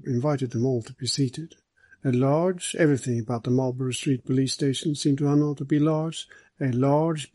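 A man narrating a mystery novel in a measured, even storytelling manner. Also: mid-range voice, husky, no room sound. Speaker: audiobook narrator.

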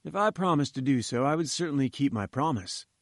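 A man's voice: medium pitch, expressive, brisk, no echo, clean studio sound, close to an everyday voice. A man reading an audiobook, voicing a polite, deferential young man answering questions.

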